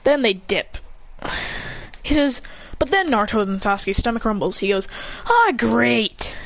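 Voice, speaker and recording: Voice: mid-range voice, very animated, a little slow, gravelly, fairly bright tone. Rambling lo-fi fan storyteller. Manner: rambling, restarts often, acts out characters' lines. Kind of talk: casual fan story narration. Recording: dull lo-fi recording with faint hiss.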